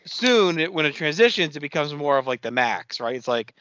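A man with a bright, forceful voice pitched a little high, co-hosting a podcast in loose, easygoing chat. He recaps scenes in a relaxed way and fills his talk with "like" and "um." The sound is dry and a bit dull and lo-fi. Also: brisk, dry recording. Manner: relaxed, filler-heavy storytelling. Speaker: podcast co-host. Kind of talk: casual chat recapping a TV episode.

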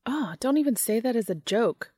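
A woman's voice: fairly high pitch, expressive, normal speed, mellow, husky, no echo, pitched above the performer's own voice. A brash, teasing woman friend, put on by a woman reading a story. She speaks up with playful emphasis and mock outrage. The sound is dry and close. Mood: mock indignant. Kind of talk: audiobook reading.

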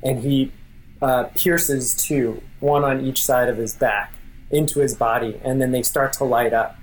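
Brief: man game master, mid pitch, casual and rambling, loose fillers, narrating a role-play scene. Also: fairly even intonation, measured pace, low-quality recording.

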